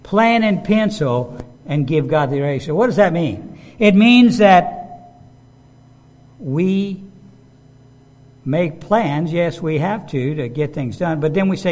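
Male preacher, high voice, conversational sermon, restarts often, builds emphasis. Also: lively intonation, slow pace, pauses often, a little mellow, big-room sound.

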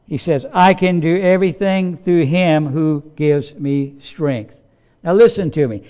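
A man preaching a sermon, emphatic, repeating key phrases and swelling louder on his points. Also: a little high, smooth. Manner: slow, deliberate delivery. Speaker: pastor.

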